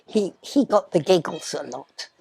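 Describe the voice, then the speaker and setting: An older woman telling childhood stories in an interview, speaking softly and sometimes dropping to a near whisper. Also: fairly low pitch, animated, gravelly, breathy edge. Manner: soft, unhurried, drops to a near whisper. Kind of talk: reminiscing storytelling.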